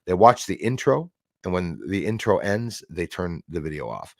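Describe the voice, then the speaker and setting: Man, low voice, dry sound, casual rambling stream host reading out the chat. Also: expressive, moderate pace, gravelly, no echo. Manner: rambling, greets chat viewers by name.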